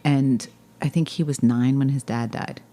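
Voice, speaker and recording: A woman from New Jersey with a notably low voice tells family stories at a relaxed, rambling pace. Her humor is dry, and she loops back on herself with plenty of "like"s. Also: normal speed. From New Jersey, USA. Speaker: podcast guest. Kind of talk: casual storytelling chat.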